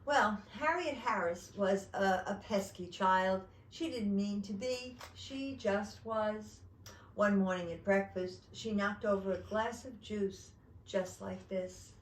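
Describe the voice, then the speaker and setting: A woman hosting a story time, reading a picture book aloud with slow, expressive pacing. The recording has a roomy echo and a faint ambient hum behind her. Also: mid-range voice.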